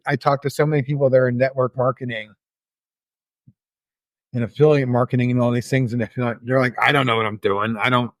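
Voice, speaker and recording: A man's voice: mid-range voice, no room sound. A man co-hosting a podcast, talking casually and reflectively, now and then repeating himself. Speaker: podcast co-host. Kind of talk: casual chat.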